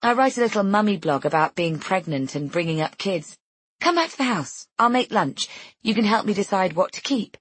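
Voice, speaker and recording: A woman's voice: medium pitch, lively intonation, moderate pace, husky, no echo. A woman voicing a chatty, eager pregnant young woman in an audiobook. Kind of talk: audiobook character voice.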